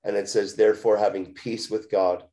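A man, a guest in an interview, telling his own story earnestly and with many restarts, getting more animated as he goes. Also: lowish voice, normal speed. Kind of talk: testimony in an interview.

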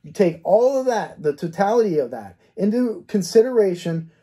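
This cold case detective breaks down a case step by step in his commentary, raising rhetorical questions and checking in with "okay?". His voice is high-pitched, mellow, and husky, expressive at a moderate pace.

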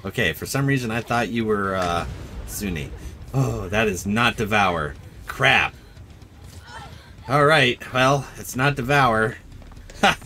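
A man streaming a game live, chatting with friends, often yelping and laughing. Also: medium pitch. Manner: excitable, yelps and laughs often. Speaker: gaming streamer.

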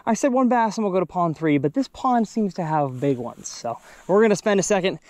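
A young man, excitedly commenting on his fishing outdoors at a pond. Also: sits high, a little fast, no echo. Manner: excitable, exclaiming often. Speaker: fishing video host.

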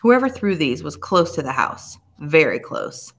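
A woman's voice: low-pitched, big pitch swings, exaggerated voice. A woman voicing a grim police inspector. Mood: probing. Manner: slow, measured and grim.

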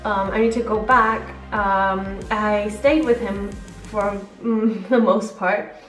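A woman's voice: mid-range voice, fairly even intonation, takes it slowly. Brief: young woman from Mexico, British English accent, rambling makeup chat with the odd swear, recorded from a little way off in an echoey room. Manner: rambling, chatty, self-correcting, casual swearing. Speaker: beauty vlogger. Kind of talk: casual chat while doing makeup. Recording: echoey room, mic a bit far, faint music.

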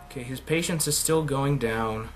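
A man giving excitable let's play commentary on a horror game, yelping and shrieking when startled. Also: mid-range voice, moderate pace. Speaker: gaming commentator. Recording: game music behind the voice.

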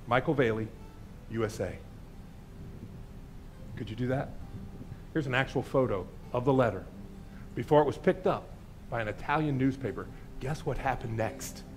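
A man who is a pastor, preaching an impassioned sermon in a church, swelling loud and dropping to soft asides. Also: mid-range voice, moderate pace, long pauses, slight background noise. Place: church sanctuary.

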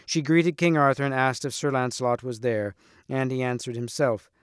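Man narrating a storybook, steady and expressive, mid-pitched, dry close mic. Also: clean tone, no echo. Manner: measured, expressive. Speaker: reader. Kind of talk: storybook read-aloud.

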